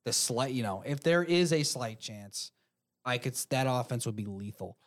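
A man co-hosting a casual sports podcast, relaxed and opinionated. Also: medium pitch, normal speed. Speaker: podcast co-host.

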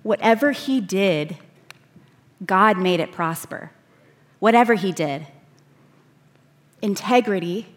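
Slow-speaking woman preaching a sermon. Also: medium pitch, expressive. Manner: reads scripture aloud, then slows to stress key words.

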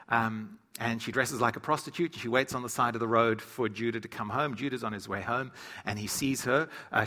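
Bright-voiced man teaching scripture. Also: medium pitch. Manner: animated storyteller who acts out quotes. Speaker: preacher. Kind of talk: humorous Bible teaching.

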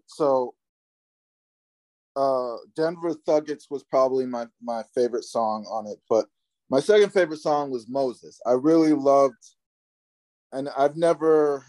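A man co-hosting a casual podcast, agreeable and easygoing, pausing and restarting as he thinks. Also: medium pitch, dark tone. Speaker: podcast co-host. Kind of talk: casual chat.

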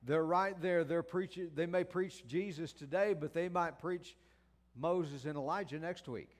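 A male preacher with a high-pitched voice delivers his sermon at a slow, deliberate pace. He leans hard on key words and stretches them out. He often backs up mid-phrase and breaks in with exclamations of praise. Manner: drawn-out stressed words and repeated restarts.

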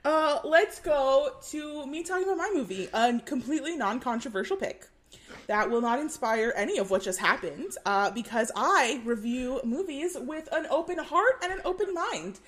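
High, animated woman ranting. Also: moderate pace. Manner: animated, ranting, swears freely. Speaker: podcast co-host. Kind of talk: casual chat.

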